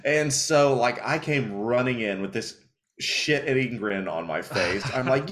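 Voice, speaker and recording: A young man hosting a podcast, telling stories in a profane, animated way, a little tipsy and slurring. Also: mid-range voice, normal speed. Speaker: podcast host. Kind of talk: casual podcast chat.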